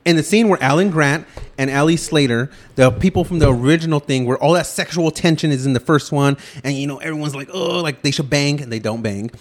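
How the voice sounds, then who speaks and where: Podcast host, man, fast profane movie rant, higher-pitched voice. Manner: loud, swearing, rapid ranting.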